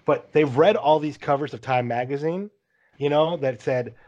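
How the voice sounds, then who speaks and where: A man hosting a casual podcast chat, rambling along and dropping "dude" into nearly every sentence. His voice sits a bit higher than most men's. The recording sounds dull and lo-fi. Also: normal speed, a little mellow. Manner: rambling, says "dude" a lot. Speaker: podcast host.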